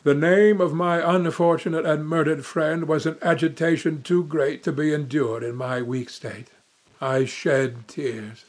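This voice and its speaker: A man's voice: a little high, fairly even intonation, unhurried. A young man narrating a classic novel in first person with dramatic, emotive delivery. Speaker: audiobook narrator.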